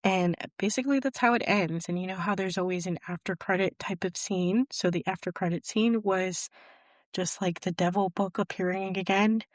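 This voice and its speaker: This young woman's podcast offers a chatty, casual film recap peppered with fillers such as "basically" and "type of thing." Her voice is medium-pitched at a moderate pace, and the recording is dry and studio quality.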